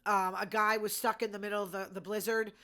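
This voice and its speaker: A woman's voice: medium pitch, little pitch movement, a little fast, fairly bright tone. Indignant woman ranting. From Massachusetts. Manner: indignant, sarcastic rants with rhetorical questions. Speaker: host. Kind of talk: casual news commentary.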